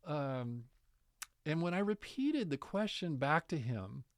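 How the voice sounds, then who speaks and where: A man telling a travel story in a casual interview, animated and laughing often. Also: fairly high pitch, slow, no room sound, studio quality. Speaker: guest, distance education coordinator.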